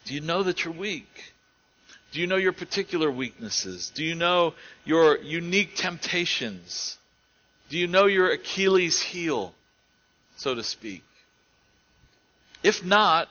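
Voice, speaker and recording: A male preacher delivers an earnest sermon in a bright, forceful voice pitched a little high. The recording sounds dull and lo-fi, and he swings between emphatic and hushed passages. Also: animated, a little slow, pauses often. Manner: earnest, rises to emphatic and drops to quiet.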